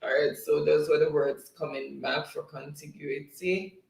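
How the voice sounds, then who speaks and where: Slow, laughing man hosting a live quiz. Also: on the high side, fairly even intonation, gravelly. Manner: chatty, reads viewer comments aloud, laughs often. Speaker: livestream quiz host. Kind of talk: casual live-stream hosting. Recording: echoey room, distant mic.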